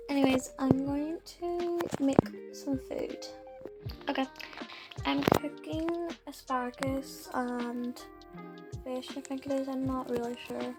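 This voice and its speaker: A British woman with a high voice narrates her game roleplay in a loose, rambling way, filling gaps with "like" and "um". Her throat is sore. Loud music plays under her voice the whole time. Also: flat delivery, takes it slowly, long pauses, poor audio. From United Kingdom. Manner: rambling, many "like" and "um" fillers. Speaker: roleplay gamer.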